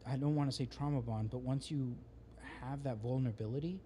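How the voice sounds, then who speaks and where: A man who is a guest on a podcast, talking in a relaxed, rambling way with slang. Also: medium pitch, a little fast, slight background noise. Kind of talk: casual podcast conversation.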